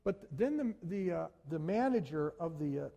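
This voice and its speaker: A man preaching a sermon in church, telling stories with animated delivery and speaking directly to the congregation. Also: fairly high pitch, normal speed, gravelly, dull audio. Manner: animated storytelling, addresses congregation as folks. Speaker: pastor.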